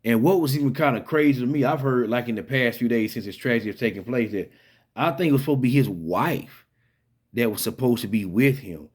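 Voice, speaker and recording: A man's voice: mid-range voice, a little fast, darkish tone, husky. A man giving casual, rambling commentary to his own channel, full of fillers and restarts, with an incredulous, head-shaking tone. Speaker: vlogger.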